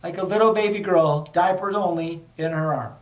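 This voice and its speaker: Speaking at a normal pace in a high voice, a middle-aged man who hosts a podcast and once worked undercover shares a frank personal story that carries a lesson. His tone is relaxed and conversational, and he sounds somewhat distant from the mic in an echoey room.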